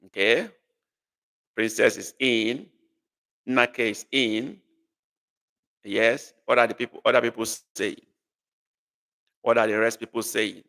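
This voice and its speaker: Bright-voiced man teaching patiently. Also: fairly low pitch, creaky, long reverb tail. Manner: patient, corrective, repeats phrases slowly. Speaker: language tutor. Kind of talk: live online language class.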